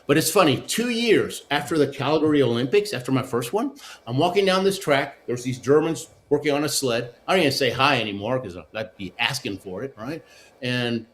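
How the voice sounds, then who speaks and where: An animated man, a former Olympic luge athlete with roots in Argentina and the United States, tells stories as a guest in a casual interview. His mid-range voice moves a little fast, and he restarts often and tags lines with "right?"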